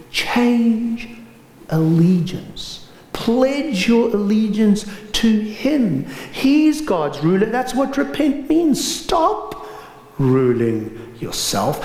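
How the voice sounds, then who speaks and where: A man preaches a sermon with dramatic storytelling, rising loud and then dropping to a hush. His pitch swoops widely. The room adds a noticeable echo. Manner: dramatic storytelling, swinging from raised to hushed. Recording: roomy echo.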